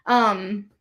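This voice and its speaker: A woman's voice: medium pitch, a bit bright. A woman hosting a casual livestream about her craft shop, chatty and rambling, often laughing between thoughts.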